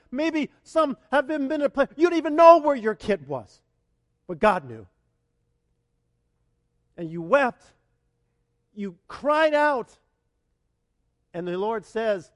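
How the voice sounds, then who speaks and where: Male pastor with a high voice, emphatic sermon delivery with hushed asides, dry close sound. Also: lively intonation, moderate pace, dry recording, long reverb tail. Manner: emphatic, swings from loud urging to hushed tenderness; asks the congregation questions.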